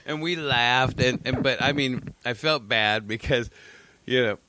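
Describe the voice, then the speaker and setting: A man's voice: medium pitch, unhurried, noisy background. A man co-hosting a podcast, telling a long, rambling story in casual chat, swearing freely and laughing often. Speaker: podcast co-host.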